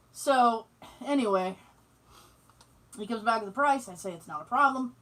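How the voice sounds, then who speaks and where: A woman co-hosting a podcast, telling a story in casual chat, animated and swearing freely. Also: fairly high pitch, moderate pace, pauses often, recorded from a distance, rough recording. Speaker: podcast co-host.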